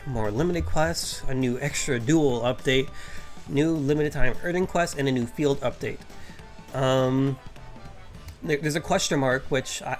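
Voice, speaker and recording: A man, a VTuber, rambling without a script about a game update, sounding tired and filling pauses with ums and restarts. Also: mid-range voice. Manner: tired, yawning, many fillers and restarts. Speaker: vtuber commentator. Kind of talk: unscripted rambling commentary.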